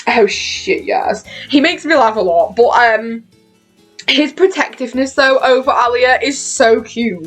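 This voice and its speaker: A woman's voice: on the high side, unhurried, a bit bright, soft background music. A young British woman with a British accent, chatting casually on her vlog, laughing often and swearing freely. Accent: British English. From Britain. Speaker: vlogger. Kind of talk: casual chat about a TV show.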